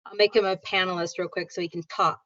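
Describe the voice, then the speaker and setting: A woman teaching English pronunciation in an online class, upbeat and demonstrative, repeating sounds slowly for her students. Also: on the low side, little pitch movement, fairly bright tone, no room sound. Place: online video call. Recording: dull lo-fi video call audio.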